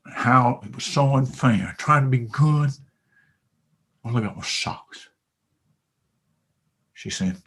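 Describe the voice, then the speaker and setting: A man animatedly retelling a motivational sales story, dropping to a hush and then rising loud. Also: medium pitch, lively intonation, slow pace, long pauses, husky. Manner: dramatic, shifts between hushed and loud.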